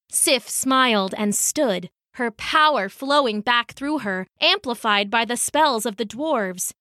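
A woman narrating a mythology story as scripted storybook reading, expressive and measured. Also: fairly high pitch, no room sound, studio quality.

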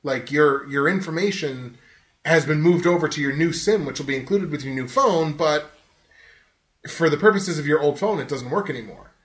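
A man hosting a casual podcast, telling a story in a lively, profane way and laughing often. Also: fairly high pitch, normal speed, roomy sound. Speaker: podcast host.

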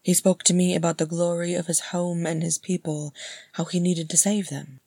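A woman voicing an elderly male hobbit with a cracked, wavering voice, gentle and wistful, in a storybook reading. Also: lowish voice, flat delivery, moderate pace, dry recording, clean studio sound. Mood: reminiscing.

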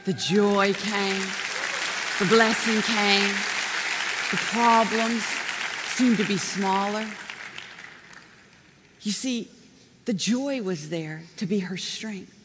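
A woman preaching a sermon in a lively, chatty way, often laughing as she talks. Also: medium pitch, slow, long pauses, crowd noise, background noise. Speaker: pastor. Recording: long hall reverb.

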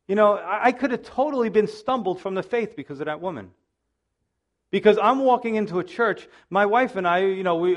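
A middle-aged man preaching a sermon as pastor, animated and acting out the voices of people he quotes, with self-deprecating humor. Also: high voice. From Italian-American background.

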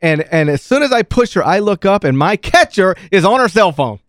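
A man on sports talk radio spins a story with a lively, swooping delivery that rises and falls freely. His voice sits a touch high for a man and sounds close and dry in the studio. He comes across as exasperated and self-mocking. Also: fairly quick, no room sound. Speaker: radio show host.

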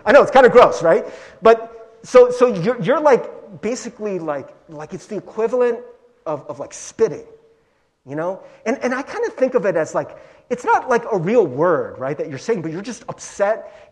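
A male pastor giving a conversational sermon, animated and chatty, peppering his talk with "like" and "right?". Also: high-pitched.

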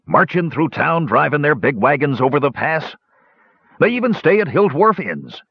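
A man's voice: mid-range voice, sing-song, moderate pace, husky, no room sound, voice pushed up. A man voicing a friendly, gossipy male dwarf traveler, in a raised and eager voice. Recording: dull, dry close recording.

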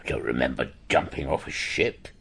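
A vague gravelly old dad. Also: male voice, very deep voice, fairly quick, a bit bright, exaggerated voice. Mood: puzzled. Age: older. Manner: mild, rambling, unflustered. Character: pale vague old father in pyjamas. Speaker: father thought dead. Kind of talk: radio comedy drama.

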